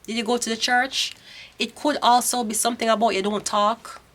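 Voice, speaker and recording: A woman's voice: a little high, level tone, a little fast, fairly bright tone. A woman in her thirties with a Jamaican accent giving a casual tarot reading, ranting bluntly and swearing freely. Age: 30s. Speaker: tarot reader.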